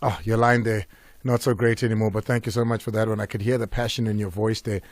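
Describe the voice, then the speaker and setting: A man hosting a sports talk radio show, measured and engaged with callers. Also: on the low side, level tone, no echo, clean studio sound. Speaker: radio host.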